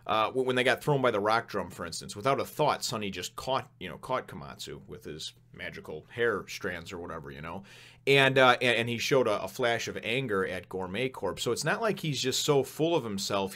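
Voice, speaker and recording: A man's voice: fairly low pitch, fairly bright tone. A man casually reviewing a manga chapter, rambling with many fillers, laughing often and swearing now and then.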